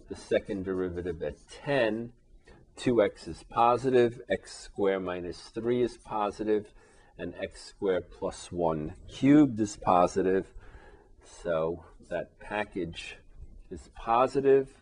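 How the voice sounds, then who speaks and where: A man lectures on calculus in a classroom, taking his time with a low, husky voice. He keeps asking his students "right?" as he works at the board. His voice drifts off now and then as he turns away from the camera. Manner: checks in often with rhetorical questions; moves about the board, voice fading as he turns away. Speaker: math teacher. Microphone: camera in the room.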